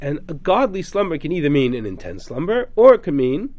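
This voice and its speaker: A man's voice: a little high, very animated, fairly quick, darkish tone. A man teaching a text study class, reading Hebrew verses aloud and translating them dramatically. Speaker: Torah teacher. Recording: dull lo-fi class recording.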